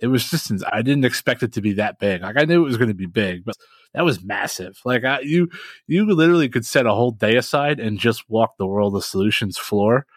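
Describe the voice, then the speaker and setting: Dude cohosting a podcast, animated storyteller, laughs a lot, dry close sound. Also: male voice, mid-range voice, a little fast, dry recording. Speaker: podcast co-host. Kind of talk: casual chat.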